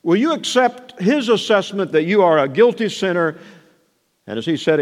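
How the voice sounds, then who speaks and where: A man preaching a sermon, moving between soft asides and raised, emphatic declarations. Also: high voice, expressive, normal speed. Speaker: pastor. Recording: long hall reverb.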